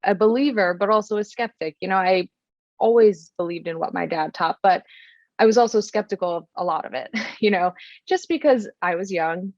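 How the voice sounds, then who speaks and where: A woman's voice: mid-range voice, normal speed, darkish tone, dry recording. A young woman from Florida, a podcast guest telling a personal story in an earnest, reflective way, with many ums and restarts. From Florida, USA. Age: young adult. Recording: dull, dry, lo-fi sound.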